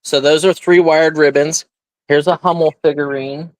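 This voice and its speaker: This man hosts a live streamed auction, talking casually and at length while he shows and explains each item. His voice is on the high side with fairly even intonation and a moderate pace, and the recording is dry.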